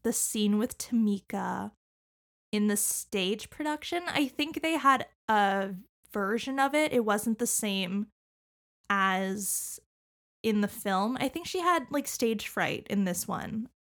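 A young woman chats casually as a podcast co-host. She talks in an animated way, with lots of fillers and frequent laughs. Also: mid-range voice, slow. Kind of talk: casual chat about musicals.

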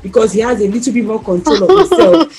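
High-voiced woman, animated, over music. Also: quick pace, husky. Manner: animated storyteller, laughs often, acts out her children's voices. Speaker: podcast co-host. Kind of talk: casual faith-based chat on parenting. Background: soft background music.

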